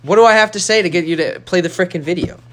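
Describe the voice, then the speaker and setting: A teenage boy chatting casually with friends, his voice a little high. He jokes and retells stories with quick mimicry, over a faint hiss in the recording. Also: a bit bright. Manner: joking, mimics friends in quotes. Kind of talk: casual chat.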